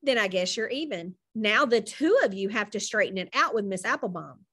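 A woman voicing a calm, dry-humored mother in a storybook reading, speaking evenly with gentle wryness. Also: medium pitch, brisk, breathy edge.

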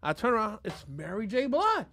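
A man hosting a podcast in casual chat, telling animated stories full of cursing and laughter. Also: sits high, normal speed, creaky. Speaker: podcast host.

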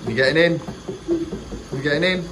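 A man's voice: fairly high pitch, brisk, noisy background. A father with a playful, coaxing, encouraging way of talking, in a casual home video recorded in a bathroom. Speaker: father bathing the family dog with his kids.

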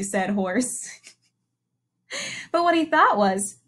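A woman's voice: sits high, a little slow. A young woman teacher reading a picture book aloud to children and asking them questions along the way. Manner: animated storytelling with questions to young listeners.

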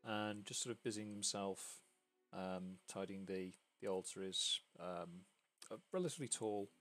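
A man's voice: low-pitched, normal speed, a bit bright, soft background music. A man narrating a tabletop game as game master, describing scenes with many fillers.

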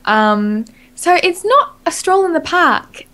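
A woman's voice: very high-pitched, sing-song, takes it slowly, bright, forceful tone. An Australian woman hosting a casual gaming podcast, chatty and rambling, with lots of fillers and self-corrections. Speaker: podcast host.

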